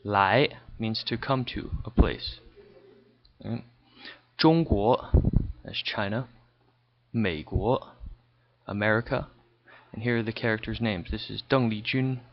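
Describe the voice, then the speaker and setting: A man's voice: fairly low pitch, unhurried, pauses often. A man teaching a recorded language lesson over slides, explaining patiently and checking in with a frequent "okay". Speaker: high school Chinese teacher. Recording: dull lo-fi recording.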